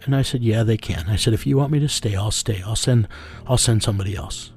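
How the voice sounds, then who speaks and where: Middle-aged guy with a gravelly voice, slow plain-spoken storytelling. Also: on the low side, darkish tone, faint music behind. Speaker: interview guest. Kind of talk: reflective storytelling.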